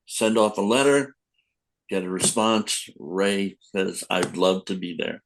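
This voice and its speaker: An older comic book editor with a low voice speaks slowly in a casual podcast interview, rambling through anecdotes and acting out quotes. The recording is rough.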